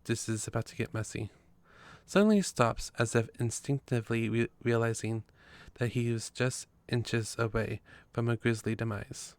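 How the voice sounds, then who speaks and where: A man's voice: medium pitch, moderate pace, dry recording. A man reading a story game's text aloud in a casual way, with his own asides between passages. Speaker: game player narrating.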